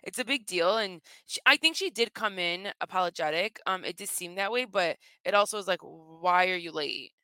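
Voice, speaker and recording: A woman talks loosely on a podcast with a smooth, clear voice. Her tone is bright while her pitch sits a bit low. She is recorded dry and close. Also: lively intonation, a little fast, hardly any pauses, no echo. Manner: casual, lots of "like" and restarts. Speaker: podcast co-host. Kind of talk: casual chat.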